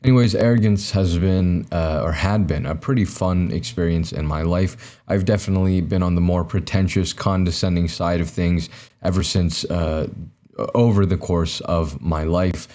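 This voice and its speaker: Young male podcast host, deep and mellow, self-deprecating ramble to camera. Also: fairly even intonation, normal speed. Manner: self-mocking, rambling with many fillers and restarts. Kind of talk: solo comedic monologue to camera. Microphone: camera mic, recording himself.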